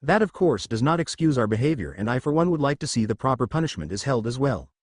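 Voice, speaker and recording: A man's voice: mid-range voice, big pitch swings, quick pace, no echo, clean studio sound. A man reading the lines of an apologetic female council member.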